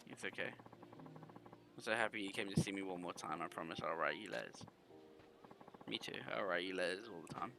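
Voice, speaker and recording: A man's voice: sits low, brisk, gravelly, long pauses, over music. A man voicing a young boy saying a tearful goodbye, read aloud in an earnest, apologetic way.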